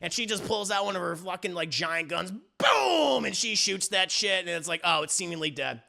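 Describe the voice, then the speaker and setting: A man's voice: sits high, brisk, gravelly, pushed and bright. A man reviewing an anime episode in casual recap commentary, rambling and profane, with frequent restarts.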